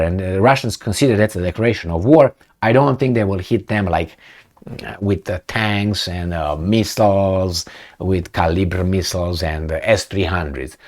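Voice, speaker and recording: A man hosting a casual political commentary, blunt and animated, who acts out imagined conversations as he goes. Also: on the low side.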